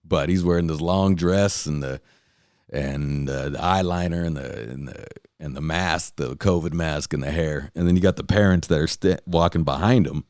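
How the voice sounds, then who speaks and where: Low-voiced man ranting casually. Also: moderate pace, a little mellow, dry recording, studio quality. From California. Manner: rambling, profane, lots of fillers and restarts. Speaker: podcast host. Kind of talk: casual rant.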